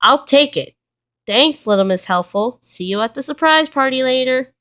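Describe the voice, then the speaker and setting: A woman's voice: high voice, lively intonation, normal speed, fairly bright tone, voice pushed up. A woman voicing a chipper, muddled scatterbrained cartoon man in a storybook reading.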